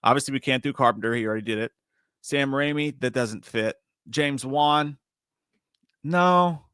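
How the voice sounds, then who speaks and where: A man's voice: medium pitch, normal speed, clear, resonant tone, no echo, clean studio sound. A man co-hosting a live movie podcast, chatting casually, swearing a lot and laughing often. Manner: profane, animated, laughs often. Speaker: podcast co-host.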